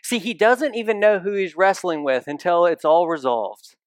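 Conversational male pastor, slightly high voice. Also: moderate pace, no room sound, clean studio sound. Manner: conversational, asks the audience direct questions. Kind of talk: sermon.

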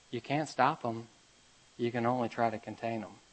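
A man preaches a sermon with a mid-range voice that rises to loud urgent calls. He then drops to a quiet, hushed storytelling tone, reading scripture aloud and telling a parable. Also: medium pitch, fairly even intonation, measured pace, slight background noise, low-quality recording. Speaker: pastor.

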